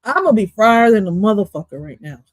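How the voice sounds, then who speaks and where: A woman hosting a casual livestream, reacting to clips in a loud, profane, animated way and dropping in Spanish exclamations. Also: mid-range voice, a little fast, no room sound. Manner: loud, profane, animated, jumps between topics.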